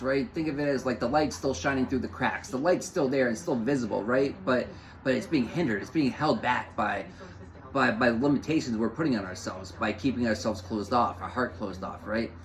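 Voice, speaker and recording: A man's voice: medium pitch, moderate pace, a little hiss or hum, rough recording. A man giving an off-the-cuff spiritual talk, rambling and repeating phrases with lots of fillers. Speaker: spiritual host.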